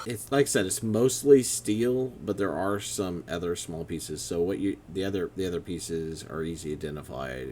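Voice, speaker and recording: A man narrating as game master of a tabletop game, halting and full of fillers as he describes things. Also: sits low, a little hiss or hum. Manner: halting, many fillers and restarts.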